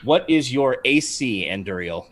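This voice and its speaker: A man's voice: mid-range voice, animated, measured pace. A man acting as game master, narrating a tabletop game on a livestream in an easygoing, chatty way with frequent ums.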